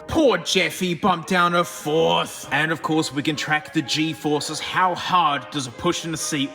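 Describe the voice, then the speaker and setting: Australian male car vlogger, high and excitable, slangy and quick to laugh; reverberant garage sound. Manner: excitable, chatty, laughs often, lots of slang. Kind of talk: casual commentary over car work and testing.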